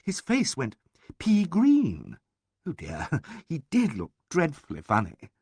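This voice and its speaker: A man voicing a flustered, gushing young woman in an audiobook, excitable and stammering. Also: on the high side, takes it slowly, gravelly, slightly rough, no room sound, clean studio sound, voice pushed up, heavily acted. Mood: indignant.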